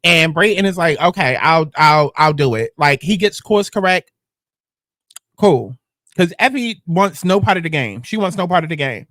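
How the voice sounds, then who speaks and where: Lady gossiping thru a tv recap, pitch bouncing all over, dry close sound. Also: moderate pace, dry recording. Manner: animated, blunt and profane, with sudden jumps in pitch. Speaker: TV recap host. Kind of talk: casual episode recap commentary.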